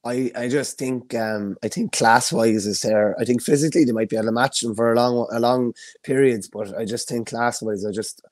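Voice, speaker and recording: Hoarse Irish man, dry close sound. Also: medium pitch, fairly even intonation, darkish tone, dry recording. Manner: halting, repeats words while thinking. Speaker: podcast co-host. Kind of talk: casual sports chat.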